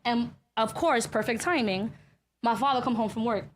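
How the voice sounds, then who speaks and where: A woman co-hosting a podcast, telling family stories in casual, profane, animated chat with frequent laughter. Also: a little high, moderate pace, faint music behind. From Hispanic family in Florida. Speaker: podcast co-host.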